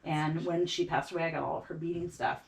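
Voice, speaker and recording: A middle-aged woman, a beadwork artist, telling her story in a casual interview, halting and repeating words as she acts out what others said. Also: sits low, steady tone, creaky, a little hiss or hum. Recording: voice a bit far from the mic.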